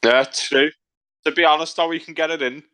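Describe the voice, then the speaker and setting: A man's voice: fairly high pitch, fairly even intonation, brisk. A young man with a Scouse accent co-hosting a podcast, swearing a lot and winding up his mates. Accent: Liverpool Scouse. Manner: loud, swearing, laughing, winding others up. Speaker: podcast co-host. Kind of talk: crude casual banter.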